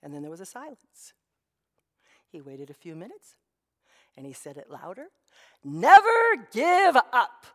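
A woman's voice: sits low, very animated, moderate pace, long pauses, a little mellow, in a large hall. A woman pastor giving a sermon. She tells stories in a conversational way, with many asides to the congregation.

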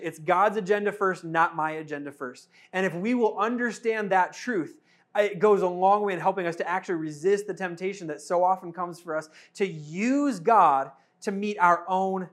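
A male pastor preaching a sermon in a conversational, animated way, full of rhetorical questions. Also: high voice.

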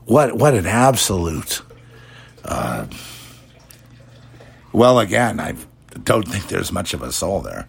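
A man's voice: sits low, sing-song, takes it slowly, vocal fry, pauses often, breathy edge. A middle-aged man hosting a religious commentary show, preachy, mocking imagined critics in put-on quoted voices. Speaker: podcast host.

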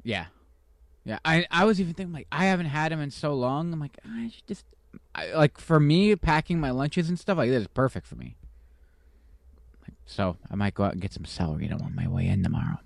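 A man's voice: medium pitch, fairly quick, gravelly, no echo. Congested man rambling on a podcast. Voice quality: slight lisp. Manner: rambling, filler-heavy chatter. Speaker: podcast co-host. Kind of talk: casual chat.

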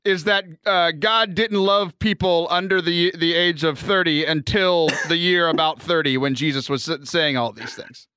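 A man's voice: a little high, fairly even intonation, normal speed, hardly any pauses, sharp tone, clean tone, no echo, studio quality. A young man co-hosting a podcast, teasing and joking in casual chat. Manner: joking, teasing, laughs often. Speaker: podcast co-host.

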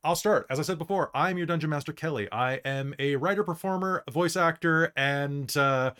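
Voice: medium pitch, normal speed, fairly bright tone, clean tone. A game master from the States, introducing the cast in a loose, jokey chat. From United States.

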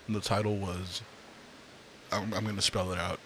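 A man's voice: on the low side, fairly even intonation, a little fast, a bit bright, a little hiss or hum. A young man ranting casually in a profane, rambling monologue, with fillers and sighs. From Latino, Spanish speaker.

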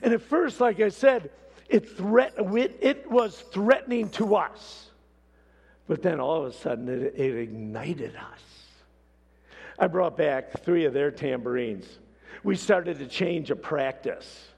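A man preaching a sermon, telling a story with lively swings from hushed to shouted. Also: fairly high pitch, slow, creaky, slightly rough. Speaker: pastor. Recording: long hall reverb.

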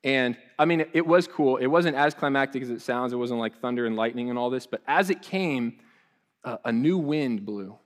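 A man's voice: mid-range voice, normal speed. A man preaching a conversational sermon. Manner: conversational preaching with restarts and asides. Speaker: pastor.

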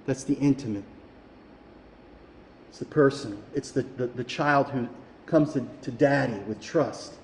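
A man's voice: mid-range voice, measured pace, long pauses, a little hiss or hum. A male pastor preaching a sermon that builds to fervent emphasis. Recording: echoey hall, reverberant.

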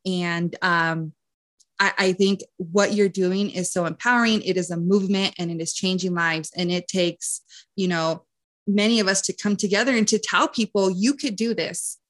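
A woman's voice: fairly low pitch, fairly even intonation, moderate pace, a bit bright. Enthusiastic woman podcast host. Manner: enthusiastic, affirming. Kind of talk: podcast interview and guided affirmations.

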